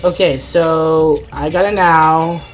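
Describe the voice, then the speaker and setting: Low-voiced woman streamer thinking aloud. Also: steady tone, slow pace, soft background music. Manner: rambling, thinking aloud, exasperated at the game. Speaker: gaming streamer. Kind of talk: live let's-play commentary.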